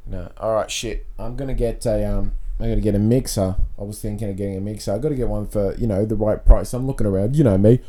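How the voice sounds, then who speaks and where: A man hosting a solo comedy podcast, rambling and self-mocking in a deadpan way. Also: on the low side, fast, few pauses. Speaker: podcast host. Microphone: podcast mic.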